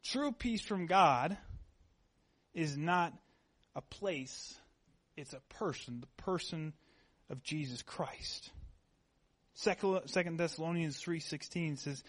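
A man's voice: fairly high pitch, slow, long pauses, fairly bright tone. A man preaching a sermon as a pastor. He talks in an earnest, conversational way, tells personal stories, and repeats key points for emphasis.

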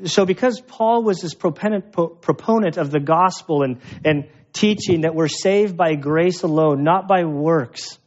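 A man delivering a sermon from the pulpit, talking through scripture in a conversational, emphatic way with some self-deprecating humor. His voice sits a bit high for a man. The recording is dull and lo-fi. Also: measured pace, hardly any pauses. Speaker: pastor. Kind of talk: expository sermon.

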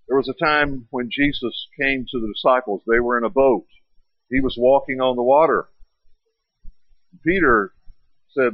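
A man's voice: mid-range voice, no room sound. A man preaching a sermon, retelling stories with rhetorical questions and acted-out quotes. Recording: dry, dull lo-fi sound.

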